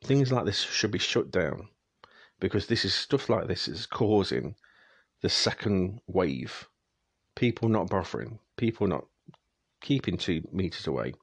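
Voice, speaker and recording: A man's voice: low-pitched, very animated, unhurried, vocal fry, no room sound. A young man ranting in a casual, exasperated monologue to his viewers, speeding up when annoyed. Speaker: vlogger.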